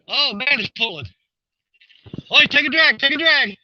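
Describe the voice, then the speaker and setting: A man, out of breath, giving excited live commentary to viewers while reeling in a fish outdoors. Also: very high-pitched, moderate pace, long pauses, lo-fi sound. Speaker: fishing vlogger. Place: outdoors at the water's edge.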